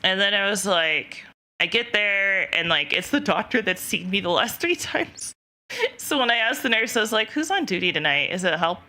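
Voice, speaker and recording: A woman's voice: medium pitch, lively intonation, moderate pace, bright, forceful tone. A young woman streamer casually telling a rambling story to her chat, laughing often and quoting herself. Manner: giggly, rambling, lots of self-quoting.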